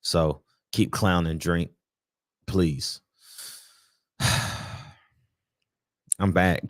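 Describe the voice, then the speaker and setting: A man hosting a casual sports talk livestream, speaking in a frustrated, emphatic and animated way. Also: low-pitched, drawn-out words, pauses often, no room sound, clean studio sound. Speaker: sports talk show host.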